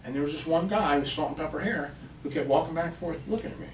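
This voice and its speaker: A man in his fifties from Pennsylvania spins a casual, animated story as a podcast guest and swears now and then. His voice sits at an ordinary middle pitch. The mic is some way off in a reverberant room. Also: quick pace, a little hiss or hum. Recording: roomy and distant from the mic.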